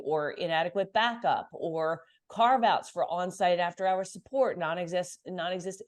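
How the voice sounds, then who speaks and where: A woman coaching business owners on pricing and sales, talking in a brisk, emphatic, confident way. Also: medium pitch, a little mellow. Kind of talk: coaching call.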